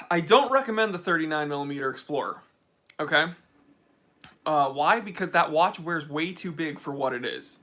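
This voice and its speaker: A man's voice: fairly high pitch, expressive, normal speed, long pauses, pushed and bright. A man with an American accent hosting a casual livestream Q&A, chatty and opinionated, with many fillers. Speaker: watch channel host.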